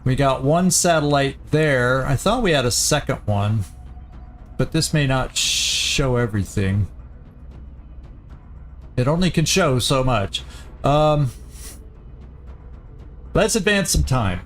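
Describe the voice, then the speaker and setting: A man hosting a let's play, giving casual gameplay commentary as he thinks aloud, often halting and restarting. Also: medium pitch, expressive, soft background music.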